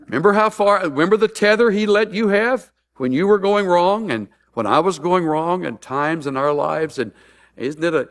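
A man preaching a sermon as a pastor, mixing humorous stories with earnest appeals. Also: on the high side.

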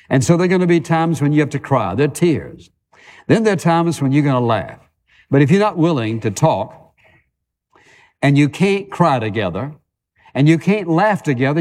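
A male pastor giving a sermon in a church, talking conversationally and piling up repeated phrases for emphasis, slowing down on key words and speeding through the runs between them. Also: fairly high pitch, darkish tone. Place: church sanctuary. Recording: long hall reverb.

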